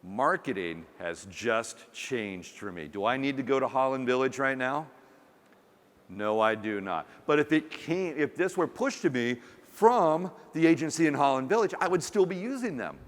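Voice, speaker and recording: A man delivers a keynote in a big conference hall, and his voice carries a long reverb. He tells a funny personal story with a lively, swinging pitch and acts out the quotes. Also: moderate pace. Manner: animated, humorous storytelling with acted quotes. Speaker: conference speaker.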